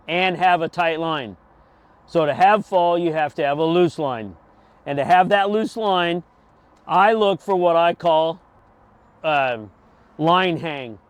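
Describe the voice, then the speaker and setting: Smooth-voiced man teaching a fishing technique. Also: fairly high pitch, no echo. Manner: patient, demonstrative, ends points with "okay?". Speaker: fishing instructor. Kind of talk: outdoor how-to lesson.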